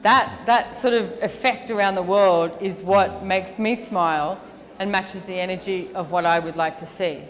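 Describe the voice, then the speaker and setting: A woman's voice: fairly low pitch, moderate pace. Chatty woman speaking in a reverberant hall. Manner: chatty and lively, with many "like"s. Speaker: featured speaker answering audience questions. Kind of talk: live seminar Q&A talk. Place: large event hall with an audience. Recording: long reverb of a large hall.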